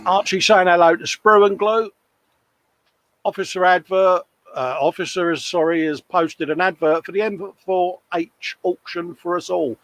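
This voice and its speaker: Chatty British man, slightly high voice. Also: fairly bright tone. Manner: chatty, banters and reads out viewer comments. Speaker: co-host of a live modelling stream. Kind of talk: casual live-stream chat. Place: hobby workshop at the bench.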